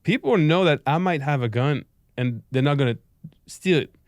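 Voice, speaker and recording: Young guy w french accent telling stories on a podcast, smooth clear voice, dry sound. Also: a little high, lively intonation, moderate pace, no echo. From France. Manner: storytelling, acts out quoted voices. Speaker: stand-up comedian guest. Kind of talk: casual podcast chat.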